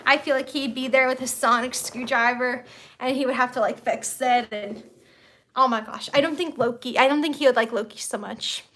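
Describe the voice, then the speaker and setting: A young woman hosting a casual live stream from home, chatty and excitable, full of fillers and restarts. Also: a little high, moderate pace, slight background noise. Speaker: YouTube host of a live stream.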